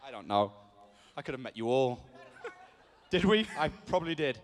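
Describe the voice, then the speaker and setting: A man's voice: medium pitch, moderate pace, long reverb tail. A man in his thirties, a convention panel guest telling jokey stories and acting out what people said. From England. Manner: animated storyteller, jokey, acts out quotes.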